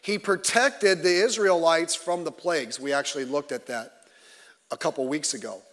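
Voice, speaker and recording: A man's voice: on the high side, normal speed, a bit bright. Man preaching in a reverberant church. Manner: conversational with jokes to the congregation. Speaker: pastor. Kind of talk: sermon. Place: church sanctuary. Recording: long reverb of a large hall.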